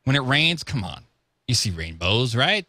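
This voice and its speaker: A man's voice: mid-range voice, normal speed, no echo, studio quality. A man hosting a casual talk show, joking and telling stories with animation. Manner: jokey, animated storytelling. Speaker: show host. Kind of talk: casual radio-style talk show chat.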